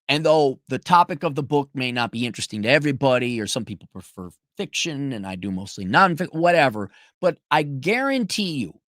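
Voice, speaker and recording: A man's voice: mid-range voice, fairly bright tone, no echo, clean studio sound. A man hosting a show, delivering a profane, sarcastic ranting monologue. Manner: sarcastic, swears a lot. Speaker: podcast host.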